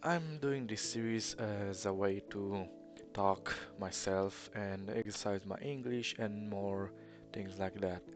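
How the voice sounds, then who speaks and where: A man's voice: lowish voice, slow pace, over music. A young man with an Eastern European accent, rambling through casual gameplay commentary in a hesitant, self-deprecating way. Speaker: let's player.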